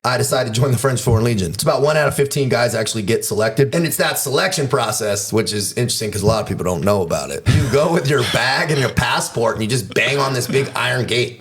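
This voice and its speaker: A man tells rough stories in a loose, casual way, swearing freely and laughing as he goes. His voice sits at an ordinary pitch for a man. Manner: blunt, profane, laughing storyteller. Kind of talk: casual storytelling.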